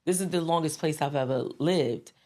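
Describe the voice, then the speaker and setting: A woman's voice: low voice, fairly quick. A woman in her thirties from the Bronx with a New York accent, chatting as a guest in an interview with frequent laughs and restarts. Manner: animated and laughing, with many restarts and fillers. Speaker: guest recording artist. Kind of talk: casual interview chat.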